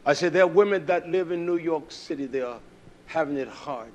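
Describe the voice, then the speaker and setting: A middle-aged male preacher giving a sermon, swinging from shouted preaching to low, muttered storytelling. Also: fairly quick.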